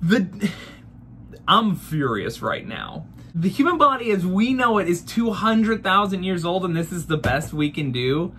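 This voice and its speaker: A man's voice: high voice, big pitch swings, unhurried, pushed and bright, a little hiss or hum. A man in his thirties doing a profane, mock-furious comedic rant full of rhetorical questions. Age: 30s. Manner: exasperated, profane ranting.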